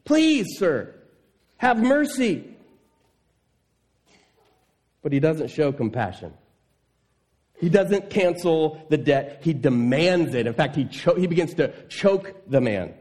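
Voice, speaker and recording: A man delivers a sermon in a slightly higher-pitched voice. He reads scripture between lively retellings and rises sharply when he voices outrage. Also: unhurried. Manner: animated, voices indignant listeners with rising pitch. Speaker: pastor.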